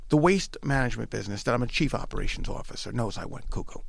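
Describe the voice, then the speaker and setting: A man's voice: medium pitch, lively intonation, fast talker, gravelly, no room sound. A middle-aged man from New York with a New York accent, telling a story as a podcast guest, emphatic and repeating himself, quoting dialogue. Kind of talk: animated storytelling.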